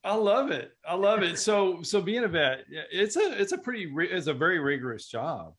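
A man's voice: high voice, sing-song, moderate pace, fairly bright tone. A man hosting a radio interview, enthusiastic and encouraging toward his guest. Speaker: radio show host.

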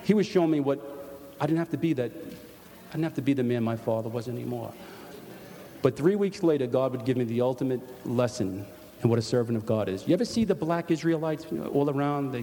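Earnestly testifying to his congregation, an older church member with a New York accent keeps backing up and restarting his story. He sounds brisk and mellow in the mid-range, with the long reverb of a church hall behind him.

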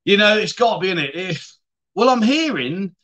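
A man hosting a casual livestream chat show, rambling warmly and reading viewer comments aloud with friendly asides. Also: high-pitched, lively intonation, normal speed. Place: lives abroad in Thailand.

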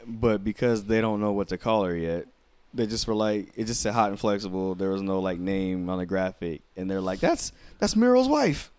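Man recapping wrestling in lively chat. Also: deep voice, fairly quick, smooth. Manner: animated storyteller, acts out quotes, swears. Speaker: podcast co-host.

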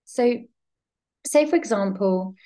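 A woman, a law of attraction coach telling personal stories in an earnest, gentle way on a spiritual podcast. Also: mid-range voice, expressive, takes it slowly.

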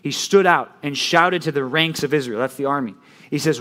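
A man preaching a casual youth sermon, telling the story in a chatty, animated way with lots of fillers. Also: on the high side, normal speed. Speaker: youth pastor.

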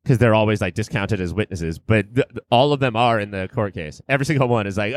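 A man's voice: on the low side, fast talker, dry recording. A man co-hosting a podcast in casual chat, rambling and laughing as he talks. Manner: rambling, laughs while talking. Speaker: podcast co-host.

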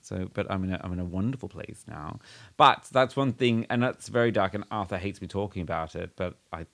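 A man's voice: low-pitched, brisk, vocal fry, a bit bright. A man co-hosting a podcast in casual chat, talking earnestly and rambling with restarts. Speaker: podcast co-host.

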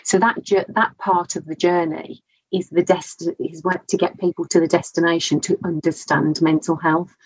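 A woman, a mental health first aid trainer, talking casually on a podcast, chatty and quick to laugh. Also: lowish voice, level tone, breathy edge, no echo, rough recording. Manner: chatty, laughs often, digresses. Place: studio.

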